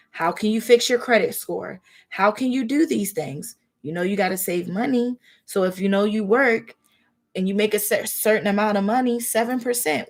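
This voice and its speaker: A woman tarot reader gives blunt, heartfelt advice in a live reading. Her talk is colloquial and preachy, and she acts out little scenes as she goes. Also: fairly high pitch.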